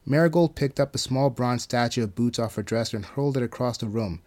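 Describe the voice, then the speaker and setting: A man reading a horror story aloud at a middling pitch, calm and even. His delivery is steady scripted narration. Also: a little fast, few pauses.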